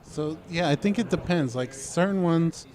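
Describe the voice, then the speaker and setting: A man's voice: on the high side, moderate pace, darkish tone. A young man co-hosting a casual podcast, loose and joking, swearing freely. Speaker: podcast co-host.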